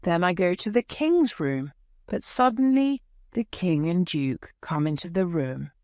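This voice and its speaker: Slow, low-voiced woman reading a story. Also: animated, dark tone, dry recording, clean studio sound. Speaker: audiobook narrator. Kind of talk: slow scripted storybook narration for learners.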